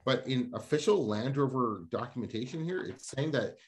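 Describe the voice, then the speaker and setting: A man hosting a casual car podcast, talking in an animated, ranting way. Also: mid-range voice, normal speed.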